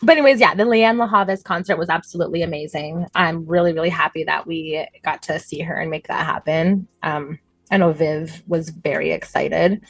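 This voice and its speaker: A woman co-hosting a podcast, telling stories in an animated, chatty way and laughing often. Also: deep voice, brisk, dry recording. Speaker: podcast co-host. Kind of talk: casual chat.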